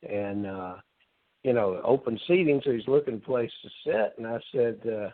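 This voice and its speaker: A man's voice: medium pitch, very animated, moderate pace, no room sound. A man co-hosting a podcast, reminiscing in an easygoing chat with fillers. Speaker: podcast co-host. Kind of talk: casual chat over a call. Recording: dry, tinny phone-line audio.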